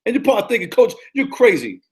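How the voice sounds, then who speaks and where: A man in his thirties, a life coach giving a casual, energetic motivational talk that repeats its points and often stumbles and restarts. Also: high-pitched, quick pace. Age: 30s. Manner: energetic, repetitive, preachy pep talk.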